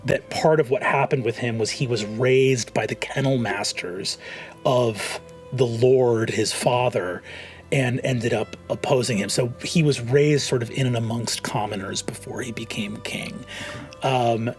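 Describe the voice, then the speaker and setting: Male game master, relaxed halting narration, mid-range voice. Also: medium pitch, soft background music. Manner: relaxed, halting, many fillers.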